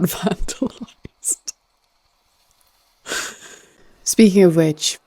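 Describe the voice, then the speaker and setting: A woman's voice: on the low side, warm tone. A woman hosting a casual comedy commentary, amused and sardonic, often breaking into laughter. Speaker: host.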